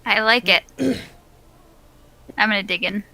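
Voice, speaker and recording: A woman player in a tabletop game, stating her moves calmly and briefly. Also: mid-range voice, slow, low-quality recording.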